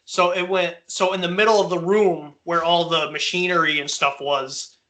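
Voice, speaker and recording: A male podcast host telling a story in loose, casual chat. His voice sits high and sounds bright and forceful, and he swears and breaks into laughter as he talks. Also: moderate pace. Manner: profane, laughing, animated storyteller.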